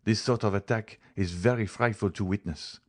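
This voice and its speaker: A man reading a grave, measured doctor. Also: on the low side, a little mellow, close to an everyday voice. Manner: measured, solemn. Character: grave male doctor, calm and insistent.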